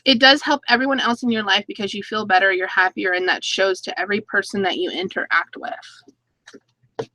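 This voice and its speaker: A woman's voice: medium pitch, steady tone, normal speed, bright, forceful tone, dry recording, low-quality recording. A woman in her thirties hosting a casual live-stream chat, reading viewer comments aloud and laughing between stories. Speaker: YouTube channel host.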